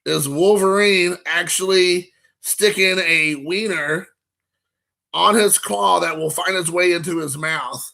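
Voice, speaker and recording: Casting: rambling, excitable male streamer, gravelly edge, bright tone, chatting to viewers. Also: high voice, takes it slowly. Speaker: card collecting channel host. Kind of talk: casual live stream chat.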